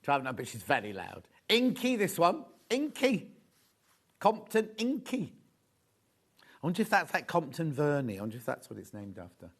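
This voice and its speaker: A man's voice: on the high side, wildly swooping pitch, moderate pace, breathy edge. A man presenting fabrics on a live shopping channel in a TV studio, chatty and rambling, with gossipy asides. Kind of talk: live TV selling chat.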